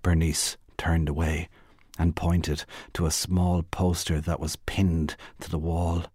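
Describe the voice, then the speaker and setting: A man reading a literary short story aloud in a measured, unhurried way. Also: low voice, level tone, a little mellow, husky, no echo, studio quality. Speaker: guest reader.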